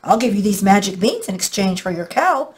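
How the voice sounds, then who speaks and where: A woman's voice: mid-range voice, lively intonation, brisk, natural voice. A woman voicing a sly male butcher who talks a boy into a trade, in a raised, persuasive voice. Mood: coaxing. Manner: smooth-talking, persuasive.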